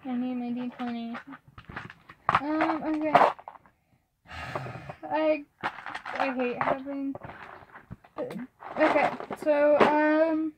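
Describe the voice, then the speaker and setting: A young woman running a casual tabletop game as game master, rambling and halting with many fillers. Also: high-pitched, fairly even intonation. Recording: faint background noise.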